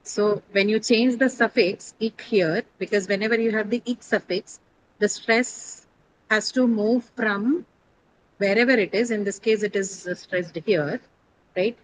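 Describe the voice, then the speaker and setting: A woman's voice: medium pitch, fairly even intonation, unhurried, rough recording. A woman teacher leads a pronunciation lesson in a classroom, asking her students questions as she goes. She explains each point step by step, hesitates on fillers and corrects her own slips. A faint hum of ambience sits behind her voice.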